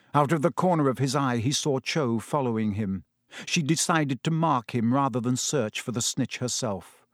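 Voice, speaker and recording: A man narrating a storybook with a lively, expressive reading. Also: medium pitch, no echo, studio quality. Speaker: audiobook reader.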